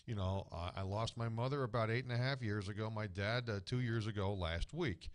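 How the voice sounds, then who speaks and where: A man's voice: on the low side, a little fast. Rambling middle-aged man telling stories. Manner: rambling storyteller, many restarts. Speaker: radio show guest. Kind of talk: casual radio chat.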